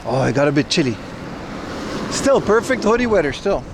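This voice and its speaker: A man's voice: fairly high pitch, very animated, normal speed. A man streaming live as he walks city streets, chatting casually with his viewers. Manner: chatty, addresses chat directly. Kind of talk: casual IRL livestream commentary. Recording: noisy outdoor street recording.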